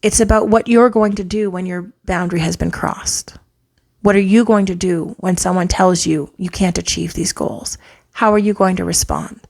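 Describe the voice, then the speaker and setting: A woman giving an earnest spiritual tarot reading, a parent who often drops into soft whispers for emphasis. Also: on the low side, fairly even intonation, moderate pace, vocal fry. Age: adult, parent of a child. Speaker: tarot reader. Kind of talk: spiritual pick-a-card reading.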